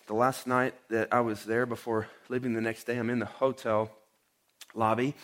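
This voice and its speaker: A man's voice: medium pitch, a bit bright. A man, a pastor, giving a conversational sermon and telling a personal story with casual fillers and acted-out quotes.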